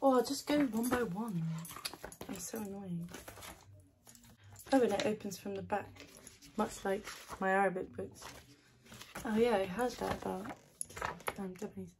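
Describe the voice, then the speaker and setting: A woman's voice: mid-range voice, measured pace, long pauses. Brief: bubbly woman taste-testing at home, laughs easily and gushes, faint hiss behind her. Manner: bubbly, giggly and gushing, often laughing. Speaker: snack taster and ASMR creator. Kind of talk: casual chat tasting snacks. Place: her new house, indoors. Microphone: not her usual ASMR mic.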